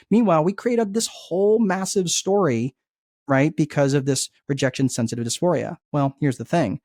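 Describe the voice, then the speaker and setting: Energetic man explaining, dry sound. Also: a little high, normal speed, dry recording. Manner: energetic, acts out inner dialogue, frequent "right?" checks. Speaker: guest life coach and entrepreneur. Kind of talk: conversational teaching.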